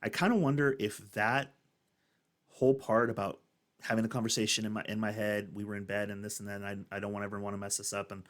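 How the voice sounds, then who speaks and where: A man's voice: fairly low pitch, flat delivery, quick pace, a bit bright. A man hosting a reaction video, musing in a thoughtful, rambling way. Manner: thoughtful, rambling, many restarts. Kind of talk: casual commentary.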